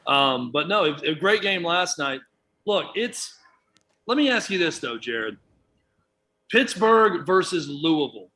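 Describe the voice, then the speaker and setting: Male radio guest, sharp and bright tone, fairly high voice, weighs his picks out loud. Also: lively intonation, unhurried, pauses often. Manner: thoughtful, reasons things through aloud. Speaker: guest sports commentator. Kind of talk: sports talk radio.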